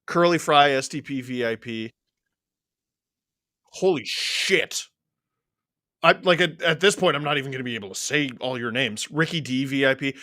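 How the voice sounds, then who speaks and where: A man hosting a live watchalong stream, excitedly reading out viewer names and swearing freely. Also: medium pitch, fast talker, few pauses, dry recording.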